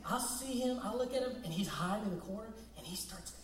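A man's voice: sits high, animated, fairly quick, reverberant, distant mic, poor audio. A young man preaching a sermon as pastor, switching between conversational storytelling and emphatic points.

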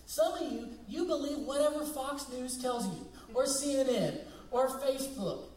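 A man's voice: very high-pitched, moderate pace, darkish tone, reverberant, distant mic, low-quality recording. A young man preaching a sermon as pastor, switching between conversational storytelling and emphatic points.

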